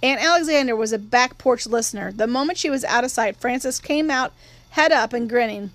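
A woman with a high voice tells the story in first person, measured and wry. The read is close and dry, with no room sound. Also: fairly bright tone, dry recording. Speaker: audiobook reader. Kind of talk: first-person literary narration.

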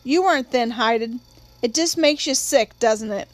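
A woman voicing a middle-aged man who talks to children in a relaxed, confiding, wry way. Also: fairly high pitch, measured pace, dry recording, natural voice.

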